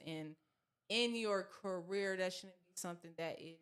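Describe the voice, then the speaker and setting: A woman's voice: medium pitch, normal speed, a bit bright, clean tone. A woman in her thirties with a Southern US accent, chatting casually as a podcast guest, rambling with many fillers and restarts. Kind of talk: casual chat.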